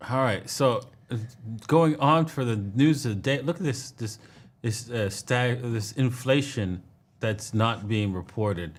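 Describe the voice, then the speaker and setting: A man co-hosting a casual livestream chat, relaxed, using slang and laughing often. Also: medium pitch, a little slow. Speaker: co-host.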